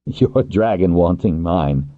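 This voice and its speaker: A man voicing a passionate young wing leader who speaks earnestly and gently, with intense warmth toward his partner. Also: low-pitched, lively intonation, takes it slowly, no echo, pitched above the performer's own voice, full character voice. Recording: tinny phone-like, dry.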